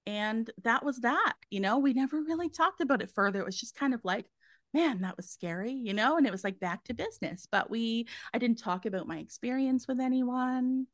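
A woman's voice: a little high, fairly quick, few pauses, a bit bright, no echo. A woman, a guest medium telling her story in a casual interview, chatty and full of fillers. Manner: chatty, many fillers and restarts.

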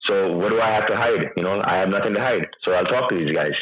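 Man in his thirties, lower voice, halting emotional account, recorded in a roomy space with lo-fi sound. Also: fairly bright tone. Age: 30s. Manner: emotional, hesitant storytelling with many restarts. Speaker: interview guest. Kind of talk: personal account in an interview.

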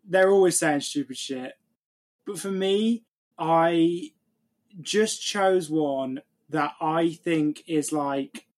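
A British man co-hosting a casual podcast, laid-back and wry with casual swearing. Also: a little high. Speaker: podcast co-host.

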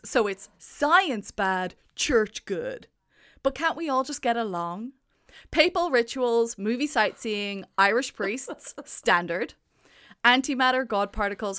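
A woman in casual chat reviewing a film, wry and sarcastic, given to quick exasperated rants. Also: mid-range voice, lively intonation, sharp tone, smooth. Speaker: podcast co-host.

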